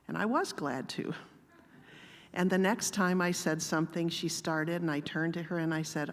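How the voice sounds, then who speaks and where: A woman giving a sermon-style talk with personal stories, speaking in a calm, measured, gently conversational way. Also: fairly low pitch, long reverb tail. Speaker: guest speaker. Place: church.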